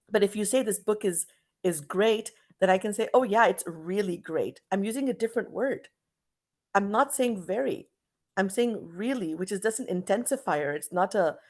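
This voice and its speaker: A middle-aged woman from Canada teaching an online English class over a video call, explaining with example sentences and frequent restarts. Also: mid-range voice.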